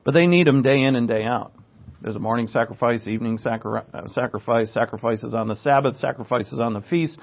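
Speaking briskly in a gravelly mid-range voice, this pastor works through a passage verse by verse in a conversational tone, with asides, self-corrections, and emphasis that climbs on key words. The audio sounds dull and lo-fi.

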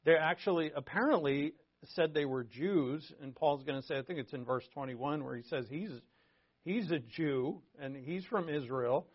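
A man delivers a sermon that moves between scripture reading and relaxed, conversational explanation. His voice sits a little high. The recording sounds dull and lo-fi. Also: moderate pace. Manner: reads scripture aloud, then explains it conversationally with asides. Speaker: pastor. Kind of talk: verse-by-verse sermon.

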